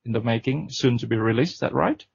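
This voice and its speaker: A man's voice: medium pitch, fast talker, creaky, slight background noise. A man hosting a radio interview, asking questions hesitantly with many fillers. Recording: dry, dull lo-fi radio recording.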